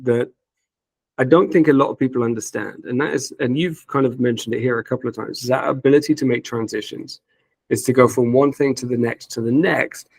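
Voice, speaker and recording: Male host, gravelly tone, dry close sound, thoughtful measured questions. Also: mid-range voice, darkish tone, no room sound. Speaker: podcast host. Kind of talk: interview questions.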